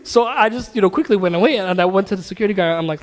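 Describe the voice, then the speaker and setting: A man teaching a casual religious class at a mosque, telling stories with laughs and animated asides. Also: high-pitched, racing. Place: mosque hall. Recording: hall reverb.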